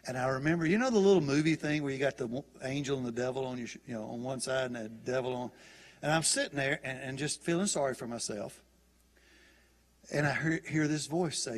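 Husky-voiced preacher man in a church. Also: medium pitch, fairly quick. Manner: conversational preaching with frequent restarts and repeated words. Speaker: pastor. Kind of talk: sermon. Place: church sanctuary.

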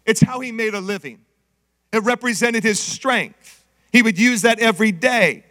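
A middle-aged man preaching a sermon, energetic and calling out to the congregation. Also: high voice, normal speed. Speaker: pastor. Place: church sanctuary. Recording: reverberant church hall.

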